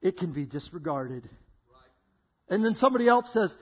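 A man preaching a lively sermon to a congregation, acting out voices and laughing between lines. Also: sits high, normal speed, breathy edge, dull audio. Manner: animated, acts out voices, laughs often. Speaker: guest preacher. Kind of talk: energetic sermon.

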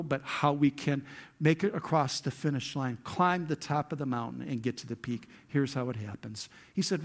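A male pastor preaching a sermon, retelling a scripture story with lively acted-out quotes. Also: mid-range voice. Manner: animated storytelling, acts out quotes with rising intensity.

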